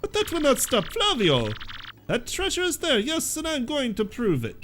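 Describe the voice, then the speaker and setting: A man's voice: very high-pitched, wildly swooping pitch, moderate pace, noisy background, full character voice. A man putting on a pompous, boastful merchant. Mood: grandiose. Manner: grandiose, theatrical, vague foreign-sounding accent. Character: pompous flamboyant male merchant sailor. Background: game music.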